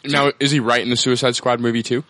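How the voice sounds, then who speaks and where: A man's voice: medium pitch, little pitch movement, fast, a bit bright, no room sound. A man co-hosting a casual podcast chat in an easygoing way, laughing along and hedging his views. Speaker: podcast co-host.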